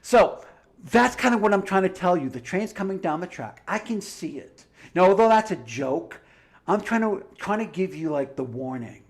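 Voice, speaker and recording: A man's voice: high voice, animated, moderate pace. A man giving a heated, combative livestream monologue, full of swearing and sarcastic asides. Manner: profane, combative ranting. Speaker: livestream commentator.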